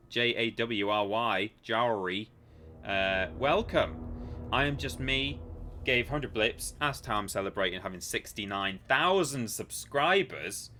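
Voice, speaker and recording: A man's voice: on the low side, bright, forceful tone, a little hiss or hum. A man hosting a live stream, chatting casually and jokily while reading viewer messages aloud. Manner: chatty, jokey, reads chat aloud with mock defensiveness. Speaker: livestream host.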